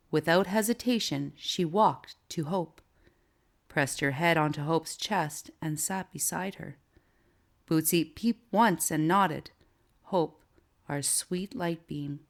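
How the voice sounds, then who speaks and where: A woman narrating a whimsical storybook in a calm, measured way. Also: low-pitched, gravelly.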